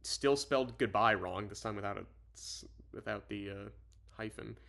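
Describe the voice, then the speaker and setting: A man's voice: fairly low pitch, normal speed, gravelly, a bit bright. A man reading a novel aloud and commenting on it casually, rambling and often correcting himself. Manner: rambling, full of fillers and self-corrections. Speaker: reader and commentator.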